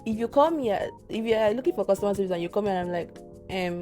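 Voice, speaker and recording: A woman's voice: medium pitch, expressive, fast talker, mellow, faint music behind. A young adult Nigerian woman co-hosting a podcast, speaking in an earnest, reflective way with frequent restarts. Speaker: podcast co-host. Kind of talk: casual podcast chat.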